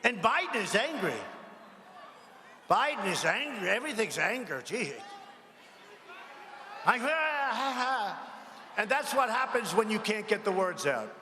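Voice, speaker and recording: A man's voice: high voice, big pitch swings, measured pace, long pauses, pushed and bright. Man mocking his rivals from a rally stage. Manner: rambling and mocking, asks the crowd for agreement. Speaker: politician at a rally. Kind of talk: campaign rally speech. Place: large arena. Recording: echoing hall with faint crowd noise.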